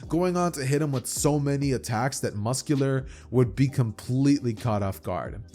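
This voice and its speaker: A man's voice: mid-range voice, moderate pace, dark tone, soft background music. A young man casually narrating a fan story, rambling with slang and restarts.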